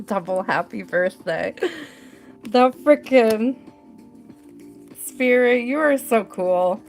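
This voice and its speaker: A woman's voice: fairly high pitch, animated, extremely slow, pauses often, faint music behind. Bubbly woman reading tarot live. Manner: bubbly, laughs often, talks to spirit and chat. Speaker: tarot reader hosting a livestream.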